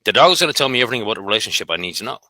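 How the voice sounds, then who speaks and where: A man's voice: fairly low pitch, sing-song, rapid-fire, sharp tone, dry recording. A man talking bluntly and emphatically about dog behaviour in a casual conversation, swearing freely.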